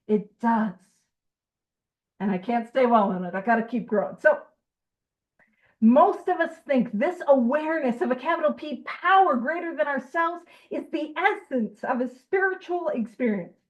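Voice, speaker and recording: A woman leading a recovery group study, reading aloud and adding lively, joking asides. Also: high voice, normal speed, lo-fi sound. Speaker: meeting chair reading aloud.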